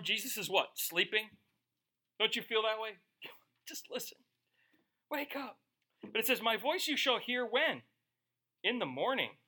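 A man's voice: high voice, pushed and bright. A middle-aged male pastor preaching a sermon in a conversational, joking way, acting out quoted voices.

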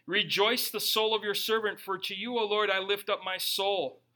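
A young adult or middle-aged man, a pastor and parent, preaches a sermon in a loose, conversational, jokey style, acting out little quotes. His voice sits high with a level tone at a moderate pace, sounding pushed and bright.

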